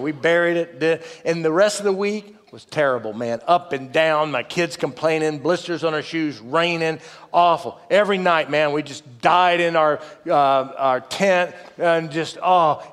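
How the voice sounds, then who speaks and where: A middle-aged man preaching a sermon, telling a story in a folksy, humorous way and dropping low and quiet for quoted asides. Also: moderate pace. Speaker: pastor. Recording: reverberant hall.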